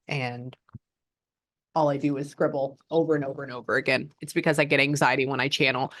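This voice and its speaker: A woman's voice: a bass voice, steady tone, fairly quick, a bit bright, no echo, clean studio sound. A woman from Texas with a Texan accent, a psychic medium chatting to a client about how channeling works, rambling with many fillers and sometimes dropping to a whisper. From Houston, Texas.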